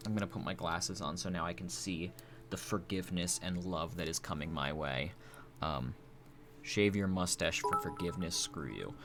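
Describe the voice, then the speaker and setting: A man streaming live, rambling through a mock-tearful fake apology in a deadpan, stammering way. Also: low-pitched, moderate pace, over music. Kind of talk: mock-tearful livestream banter.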